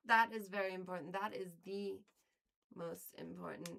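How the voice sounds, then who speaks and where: A woman's voice: medium pitch, normal speed, creaky, fairly bright tone. A woman hosting a casual livestream, talking playfully and theatrically to her chat, with frequent laughs, mock outrage and sudden whispers. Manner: laughs often between lines. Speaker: livestream host.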